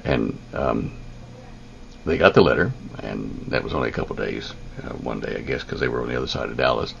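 An older man telling a long personal story, halting, with many ums and restarts. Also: extremely low pitch, gravelly, muffled recording, slight background noise. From United States. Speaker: interviewee.

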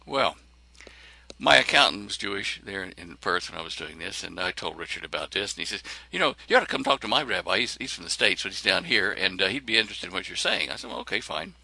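A man telling a personal story in a lively way, acting out the lines of the people in it. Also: sits low, fast, vocal fry, dry recording. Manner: animated, acts out other people's lines.

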